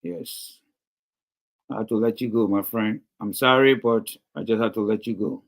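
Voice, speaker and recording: A man's voice: fairly low pitch, normal speed, creaky. A middle-aged Liberian man with a Liberian English accent hosts a livestream, reads viewer comments and scolds a commenter over and over with emphasis. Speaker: livestream host reading comments. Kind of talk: casual livestream talk.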